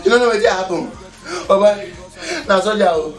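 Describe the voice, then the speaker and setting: A Nigerian Pidgin-speaking man tells his tale in a high, excitable voice, chuckling between breathless lines. It is comedy-skit storytelling with faint music underneath. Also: fairly quick.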